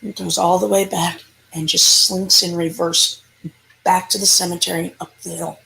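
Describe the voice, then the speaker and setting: Female paranormal investigator, animated storyteller in an interview. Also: fairly low pitch, normal speed, gravelly. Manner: animated storyteller, acting out dialogue.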